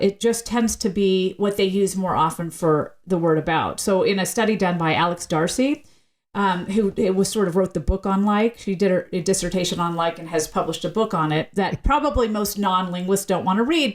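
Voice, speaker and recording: A woman talks casually as a linguist guest on a podcast, with a mid-range voice. She explains in an animated way, jumping up in pitch for emphasis and speeding up or slowing down as she goes. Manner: lively, explanatory, shifting pitch often for emphasis. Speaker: university teacher.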